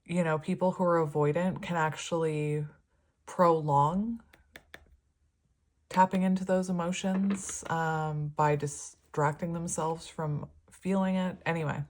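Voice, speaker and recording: A woman's voice: fairly low pitch, fairly even intonation, measured pace, darkish tone. A woman giving a casual, rambling tarot reading, her words slightly slurred. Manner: rambling, chatty, laughs often. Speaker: tarot reader.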